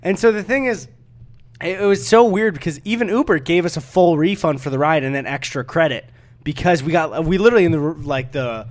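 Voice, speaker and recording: Rambling man telling a story, slightly high voice. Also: brisk. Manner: rambling, filler-heavy, swears freely. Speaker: podcast co-host. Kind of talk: casual storytelling chat.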